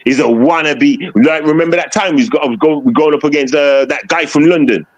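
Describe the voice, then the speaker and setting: A man's voice: quick pace, rough recording. A man with a Jamaican accent, chatting on a stream, ranting in heavy slang. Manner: loud, swings high and low in pitch, heavy slang. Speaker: stream co-host. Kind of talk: casual streamed chat.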